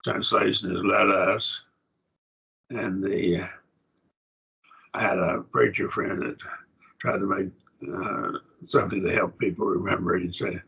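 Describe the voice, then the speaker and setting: A plainspoken, folksy man, a preacher, teaching a slow Bible Greek grammar lesson to a class. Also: low-pitched, fairly even intonation, gravelly, sharp tone, slightly rough. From rural. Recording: dull lo-fi classroom recording.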